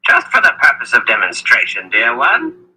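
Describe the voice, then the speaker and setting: A man voicing an impish, sly old male wizard, with a husky voice, in an audiobook reading. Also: medium pitch, huge pitch swings, normal speed, pushed and bright, voice pushed up, heavily acted, poor audio.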